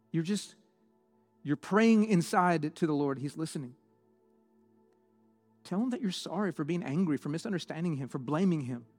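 A male pastor giving an impassioned sermon and altar call in a church, swinging between loud preaching and hushed prayer. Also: high-pitched, long reverb tail. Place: church auditorium.

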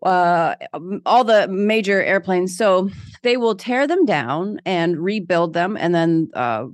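A young woman with a slightly low voice tells her stories in a casual interview. She is animated and self-deprecating, and her laugh comes easily. The sound is close and dry, with no room around her. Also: slow, no echo. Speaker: guest.

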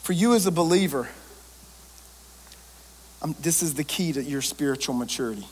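A man, a pastor preaching a lively sermon and joking with his congregation. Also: a little high, normal speed, slightly rough.

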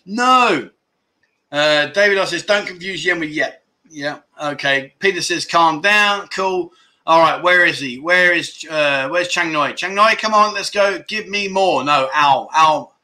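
A man's voice: on the high side, slow, sharp tone. A man hosting a casual live stream, reading viewer comments aloud in a jokey, scattered way and laughing at his own slip-ups. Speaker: livestream host.

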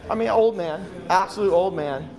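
A man's voice: sits high, moderate pace, a crowd in the background. A man co-hosting a casual live chat, ranting sarcastically and swearing a lot. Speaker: co-host.

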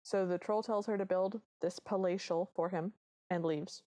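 Lower-voiced woman recapping a film. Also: normal speed. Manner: animated storytelling. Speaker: podcast co-host. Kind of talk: casual chat, film recap.

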